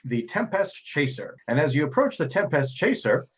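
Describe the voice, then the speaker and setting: Husky man narrating as game master. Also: a little high, sing-song, highs cut off. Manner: rambling, halting narration with frequent fillers.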